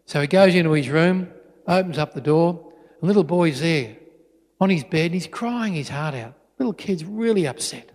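A middle-aged Australian man giving a storytelling witness talk in a church, animated and full of restarts. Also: fairly high pitch, moderate pace. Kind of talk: storytelling sermon. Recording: long church reverb.

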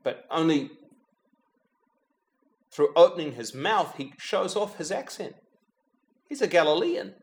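Praying aloud as he reflects, a man leads a meditative homily in a slightly high, sing-song voice that stays measured and unhurried. He addresses Jesus directly, softening almost to a whisper whenever he says the holy name, and lets a dry bit of humor slip in now and then.

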